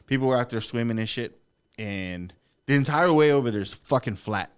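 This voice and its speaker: A man on a podcast telling a story in casual, profane, animated talk with frequent laughs. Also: mid-range voice, normal speed, smooth. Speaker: podcast guest.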